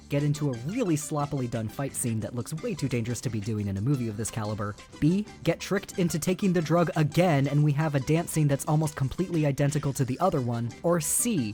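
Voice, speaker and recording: A woman's voice: deep voice, dark tone. A woman talks through a bad movie with dry sarcasm and exasperation. Faint music plays under her commentary. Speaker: movie reviewer.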